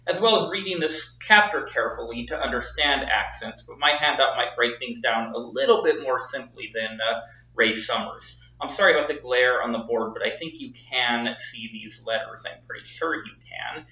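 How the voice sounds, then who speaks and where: A man's voice: medium pitch, bright, forceful tone. Man teaching in an echoey classroom. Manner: explains patiently, repeats words slowly with stress. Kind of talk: recorded classroom lesson. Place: classroom with a whiteboard. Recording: echoey room, dull lo-fi sound.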